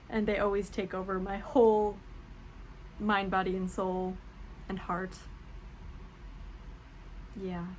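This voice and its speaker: A woman's voice: medium pitch, slight background noise. A young woman chatting casually and gushing about books for her vlog, laughing often. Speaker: book vlogger. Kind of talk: casual book tag chat.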